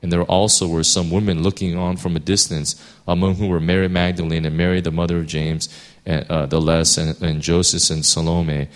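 A man with a very low, deep voice reads scripture aloud at a steady pace. When he moves on to preaching, he talks loosely, with fillers and restarts as he works his thoughts out. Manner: steady reading, then halting with many fillers. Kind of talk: scripture reading then sermon.

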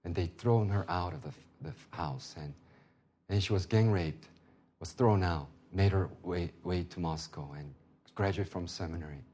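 Low-voiced male pastor, preaching with swings between loud and hushed. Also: normal speed. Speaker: pastor and seminary teacher. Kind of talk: sermon with personal stories.

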